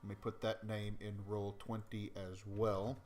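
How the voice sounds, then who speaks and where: A man's voice: lowish voice, flat delivery, unhurried, background noise. A man narrating and explaining rules as game master of a tabletop role-playing game, talking with many fillers and restarts.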